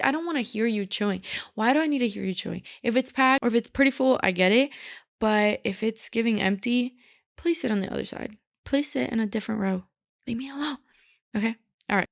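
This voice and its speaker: A young woman hosting a solo podcast, ranting in a sassy, animated way with lots of filler "like". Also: fairly high pitch. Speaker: podcast host.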